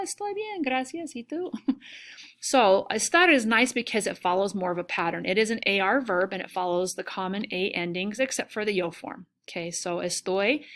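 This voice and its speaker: A woman's voice: medium pitch, a bit bright. A woman teaching a recorded lesson, explaining step by step and checking in with "okay?". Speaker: Spanish teacher.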